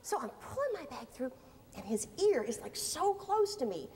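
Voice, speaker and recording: A woman giving a storytelling keynote talk to a conference audience, theatrical and animated, swinging from loud exclamations to hushed asides. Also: high voice, moderate pace, in a large hall, a little hiss or hum, rough recording. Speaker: keynote speaker. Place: conference hall before an audience.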